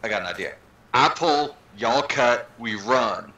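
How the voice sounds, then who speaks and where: A man's voice: mid-range voice, expressive, measured pace, bright, forceful tone, muffled recording. A man in casual chat as a player in a tabletop game, eager and jokey. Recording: echoey room.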